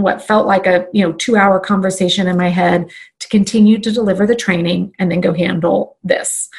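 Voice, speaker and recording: A woman who trains people online tells a personal story in an animated way, acting out her own inner thoughts. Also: medium pitch, creaky.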